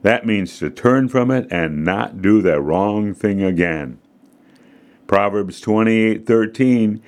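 A man's voice: fairly low pitch, slow, darkish tone. A man narrating a children's devotional story, earnest and direct with his young listeners. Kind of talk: scripted narration.

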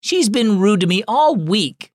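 A man's voice: sits high, very animated, a little slow, no room sound, studio quality, voice pushed up, heavily acted. A man voicing an upset young girl in a children's devotional story, whiny and indignant.

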